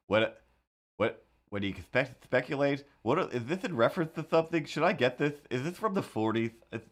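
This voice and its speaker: A man chatting casually while he draws, rambling in a wry, incredulous way. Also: medium pitch. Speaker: cartoonist streamer. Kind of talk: casual chat while drawing.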